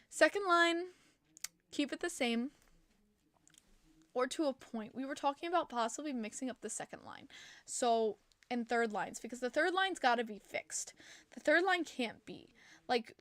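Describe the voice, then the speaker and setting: A woman's voice: fairly high pitch, fairly bright tone, no room sound. A young woman hosting a casual hockey podcast stream, chatty and opinionated, answering chat and sounding tired. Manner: chatty, opinionated fan reading chat comments. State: tired, yawning. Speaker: podcast host.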